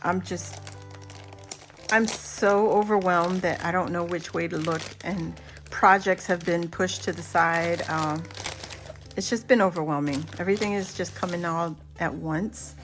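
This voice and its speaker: A middle-aged woman vlogger chatting casually and excitedly as she unboxes a birthday gift, gasping and laughing. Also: on the low side, measured pace, slight background noise. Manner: excited and giddy, many gasps and laughs. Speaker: crafting vlogger.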